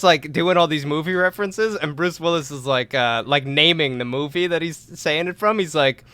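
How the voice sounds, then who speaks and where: Man, bright voice, dry close sound, excitable podcast chatter. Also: on the high side, moderate pace, smooth, no echo. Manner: excitable, retells movie scenes with impressions. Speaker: podcast co-host. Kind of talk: casual chat.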